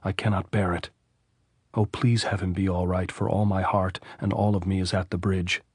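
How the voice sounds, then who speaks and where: Guy reading a terrified young woman praying over and over, deep husky voice. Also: flat delivery, moderate pace, a little mellow, no room sound, clean studio sound. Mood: pleading. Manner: breathless, pleading, repetitive. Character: frightened young woman praying in her thoughts.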